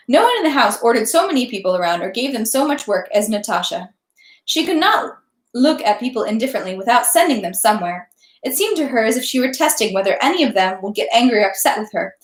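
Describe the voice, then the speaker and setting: A woman reading a classic novel aloud at a steady pace, now and then stumbling and correcting herself. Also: a little high. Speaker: audiobook reader. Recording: echoey room.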